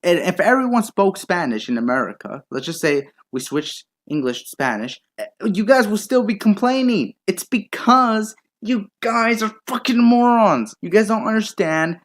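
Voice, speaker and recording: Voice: medium pitch, big pitch swings, normal speed. A young adult commentator talking back to video clips in a mocking, sarcastic way, often swearing and interrupting. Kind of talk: reaction commentary.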